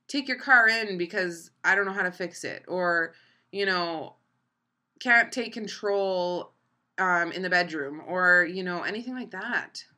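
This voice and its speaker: A woman's voice: on the low side, pushed and bright. A young woman hosting a podcast, ranting bluntly and casually with plenty of swearing. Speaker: podcast host. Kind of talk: casual monologue.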